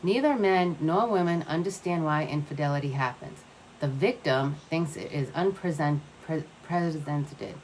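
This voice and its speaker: Woman voicing a gentle, wise old grandmother. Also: deep voice, slight background noise, poor audio. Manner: calm, measured and gentle.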